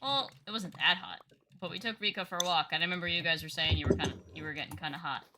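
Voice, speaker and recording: A woman's voice: on the low side, fast talker, heavy background noise. A woman from New Jersey hosting a stream, chatting casually in a rambling way while playing a game. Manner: chatty, rambling with many restarts and laughs. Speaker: streamer host. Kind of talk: casual chat while gaming.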